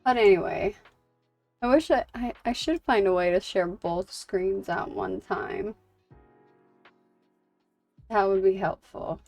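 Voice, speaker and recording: A woman streamer talks unhurriedly about her day and her game, rambling from one thought to the next and laughing easily. Soft music plays faintly behind her. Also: mid-range voice, slow, gravelly, long pauses, no echo. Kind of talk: casual chat while gaming.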